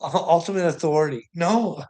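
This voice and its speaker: A man's voice: on the high side, normal speed, a little mellow. A man hosting his own channel, rambling, swearing and laughing often as he mocks the clips he reacts to. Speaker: channel host.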